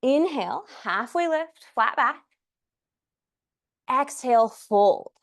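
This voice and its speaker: This yoga instructor is a young woman with a high-pitched, animated voice who speaks at a slow pace. She cues the class through breaths and poses playfully and encouragingly, sounding a little out of breath.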